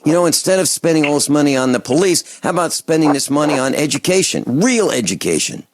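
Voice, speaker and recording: A man's voice: very animated, fast talker, no room sound. Indignant male radio host, dry sound. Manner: impassioned, indignant, swings between loud outbursts and low muttering. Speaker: radio talk show host. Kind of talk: call-in radio talk, ranting monologue.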